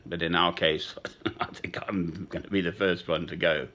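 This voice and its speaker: A man in his sixties talking in a slow, sentimental, rambling personal monologue with chuckles. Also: deep voice, fairly even intonation, bright, forceful tone. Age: 60s. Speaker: speaker addressing a woman.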